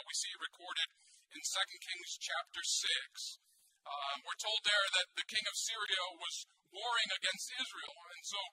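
A male pastor preaches with a high, very bright and sharp voice. His delivery swings lively up and down as he tells a story, and he keeps it conversational with rhetorical questions to the congregation. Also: husky, poor audio. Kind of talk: sermon.

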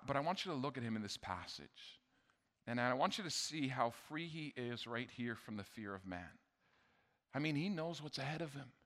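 A male pastor delivers an impassioned sermon with a bright, forceful tone that carries through a long church reverb. He pushes hard on his appeals, then drops to a hushed intensity, stumbling over quick restarts as he goes. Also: medium pitch. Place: church sanctuary.

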